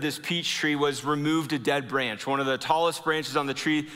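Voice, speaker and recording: A man preaching a sermon as pastor. He speaks earnestly, slowing down and dropping low to stress key lines. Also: fairly even intonation, pushed and bright, smooth, in a large hall.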